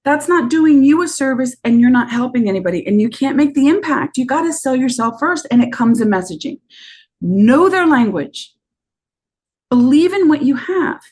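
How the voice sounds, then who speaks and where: A woman business coach on a podcast, talking in a lively way and acting out bits of sales talk. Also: high-pitched. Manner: animated, acts out sales talk.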